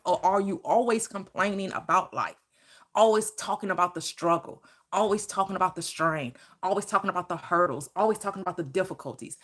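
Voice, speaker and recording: With a fairly low pitch and a slightly bright tone, a manifestation teacher gives a preacher-style motivational talk on manifesting. She is emphatic, repeats herself heavily, and swings into acted-out quotes.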